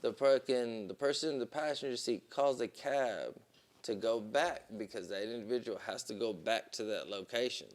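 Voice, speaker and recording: Animated profane man telling a story. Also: normal speed. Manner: animated, profane, repeats "boom" and "right?". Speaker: podcast co-host. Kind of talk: casual storytelling.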